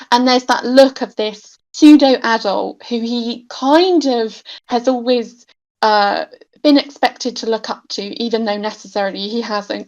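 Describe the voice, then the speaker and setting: A woman on a fan podcast panel, giving animated, opinionated takes over dull lo-fi audio. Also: on the high side. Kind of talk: casual fan discussion.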